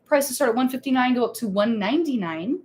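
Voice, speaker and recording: Chatty high-voiced woman. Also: fast. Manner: chatty, animated, lots of fillers. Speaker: co-host of a theme park channel. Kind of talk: casual live-stream chat.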